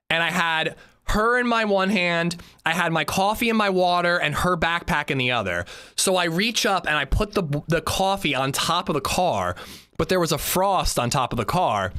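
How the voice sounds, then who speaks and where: A man streaming a game live, chatting casually with viewers, swearing freely and breaking into loud laughs. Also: a little high. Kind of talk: casual livestream chat while gaming.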